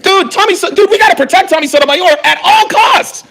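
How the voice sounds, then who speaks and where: A man with a strikingly high voice delivers heated reaction commentary on a live stream. His tone is bright and cutting, and he sounds exasperated and profane as he argues back at his viewers' comments. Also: a little fast. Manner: animated, exasperated, profane, reads chat aloud.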